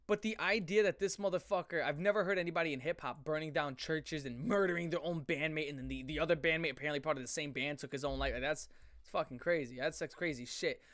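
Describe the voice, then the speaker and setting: A male streamer rants through a live show, his voice pitched a little high and recorded close and dry. He rambles from point to point and swears constantly. He often stops mid-sentence and starts over. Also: quick pace, fairly bright tone, no echo. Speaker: streamer reacting to chat. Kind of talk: profane live-stream rant.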